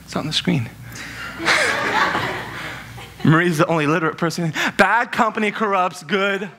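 A man preaching a sermon as pastor, talking in a lively, conversational way and joking with the congregation in a church. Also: sits high, moderate pace, background noise. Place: church sanctuary.

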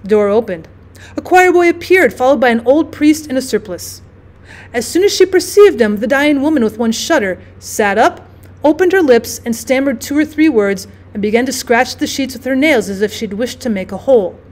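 Woman reading a classic story aloud. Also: high-pitched. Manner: measured, expressive storytelling. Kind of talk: audiobook narration.

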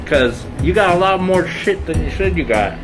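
A man's voice: sits high, animated, moderate pace. A middle-aged man filming a move, joking and teasing in casual banter with frequent laughs. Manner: playful, joking, laughs often. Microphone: handheld camera. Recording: music playing over the talk.

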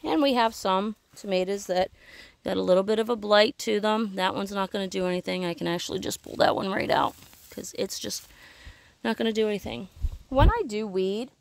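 This is a homesteading vlogger's self-filmed handheld tour of her outdoor vegetable garden, delivered a little fast in a creaky mid-range voice. The talk is chatty and meandering, with frequent self-corrections.

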